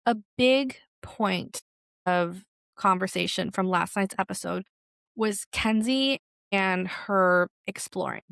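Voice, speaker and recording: Chatty young woman with a creaky voice. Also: medium pitch, slow pace, no echo, clean studio sound. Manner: chatty, animated, full of "like" fillers. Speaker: podcast host. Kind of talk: solo pop culture commentary.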